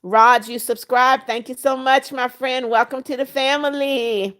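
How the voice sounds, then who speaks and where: Older lady in her 70s doing a live chat, a bit higher voice, blunt and motherly, blesses everyone. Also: steady tone, measured pace, fairly bright tone. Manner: greets viewers by name and blesses them, blunt and motherly. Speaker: livestream host. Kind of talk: casual livestream chat reading viewer comments.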